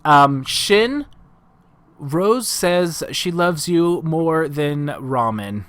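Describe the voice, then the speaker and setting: A man's voice: fairly high pitch, lively intonation, extremely slow, fairly bright tone, no echo. A man live-streaming and coaching a game, chatty and giggly, filling gaps with ums and uhs into a headset mic. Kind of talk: casual live-stream commentary.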